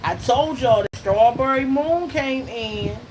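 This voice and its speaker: This tarot reader hosting her own channel has a high voice and a slow delivery. Her style is loose and conversational, with emphatic lines, frequent "okay?" and "all right?" check-ins, and laughter in between. The recording is noisy, with constant background noise.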